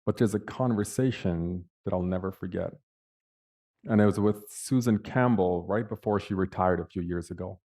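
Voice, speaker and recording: Man, middle-aged, keynote speaker, low voice, dramatic storytelling. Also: moderate pace, warm tone. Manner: dramatic storyteller acting out quotes. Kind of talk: personal storytelling speech.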